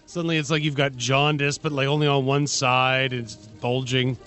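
A man's voice: medium pitch, fairly even intonation, moderate pace, fairly bright tone, faint music behind. A man co-hosting a radio show, reading news items with jokey sarcasm. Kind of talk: casual radio banter.

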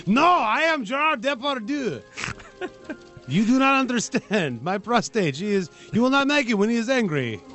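A man's voice: very high-pitched, very animated, moderate pace, fairly bright tone, faint music behind, voice pushed up, exaggerated voice. A man putting on an exaggerated bad French accent as an indignant male celebrity. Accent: bad fake French accent.

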